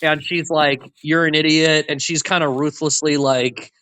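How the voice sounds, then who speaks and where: Young male podcast co-host with a slightly high voice and dry close sound, lively scene-by-scene retelling with voiced quotes. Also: normal speed, smooth, no room sound. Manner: animated retelling of scenes, acting out the characters' lines. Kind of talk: casual chat.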